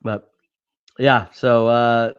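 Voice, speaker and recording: A man's voice: mid-range voice, level tone, extremely slow, smooth. A man hosting a podcast, chatting casually and rambling with frequent laughs and cursing. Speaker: podcast host. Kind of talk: casual chat. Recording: dull lo-fi sound.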